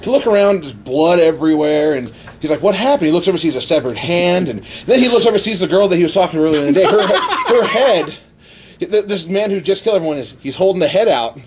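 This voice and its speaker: A man's voice: high voice, fast, a little hiss or hum. A man hosting a casual podcast chat, recounting a story with frequent laughter and acted-out quotes. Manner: animated retelling with acted quotes. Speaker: podcast host.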